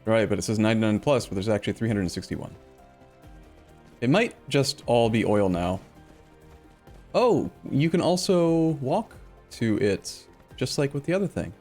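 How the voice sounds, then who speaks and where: A man's voice: fairly low pitch, animated, normal speed, pauses often, darkish tone, faint music behind. A man hosting a let's play, chatting casually with a co-player, rambling and correcting himself mid-sentence as he jokes around. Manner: rambling, self-correcting, jokey. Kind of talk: casual gaming chat.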